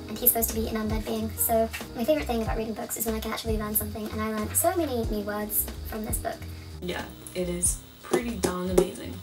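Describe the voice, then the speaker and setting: A young woman talking about books she loves, excitable and gushing, and she swears freely. She sits some way from the mic. Music plays behind her. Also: a little high, recorded from a distance, low-quality recording. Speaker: book vlogger. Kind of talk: casual book recommendation vlog.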